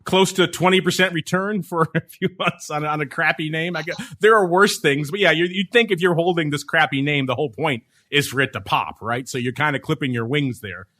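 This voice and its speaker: A man's voice: a little high, a little fast, few pauses, sharp tone. Joking male podcast host. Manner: joking, chuckles often, teasing nicknames. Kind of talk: casual podcast chat.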